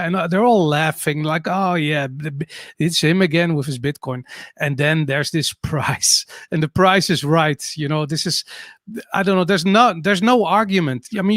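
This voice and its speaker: A man's voice: a little high, no echo. Man, dry close sound. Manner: animated, laughs through his words. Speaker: podcaster and panel guest. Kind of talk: casual panel chat.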